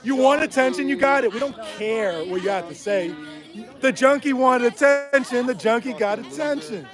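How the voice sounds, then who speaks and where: A man's voice: very high voice, normal speed, crowd noise. A man heckling on a livestream outside a restaurant, taunting in mocking, repetitive jabs. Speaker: protester filming a street confrontation. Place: city street at night outside a restaurant.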